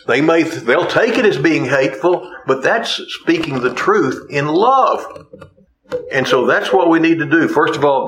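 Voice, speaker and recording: A man's voice: a little high, a bit bright, low-quality recording. A male pastor preaching a sermon in an earnest way, repeating key phrases for emphasis and slipping in folksy humorous asides.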